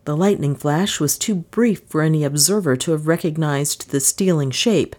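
A woman narrating an audiobook in a measured, unhurried reading voice. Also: low voice, a little mellow.

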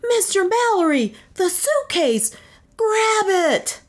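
A woman voicing a nervous, excitable male inventor who cries out in a high, urgent voice. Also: normal speed. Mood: frantic. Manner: shrill, urgent shouting.

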